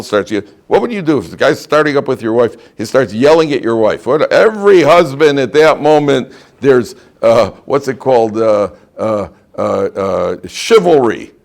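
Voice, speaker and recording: A male rabbi leads a relaxed Torah class in a classroom. His voice swings widely up and down as he asks the students questions and slips in joking asides. His pitch sits mid-range for a man. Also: gravelly.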